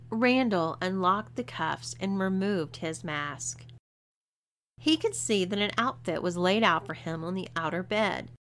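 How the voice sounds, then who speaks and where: Woman narrating a story, expressive. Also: mid-range voice. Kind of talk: audiobook reading.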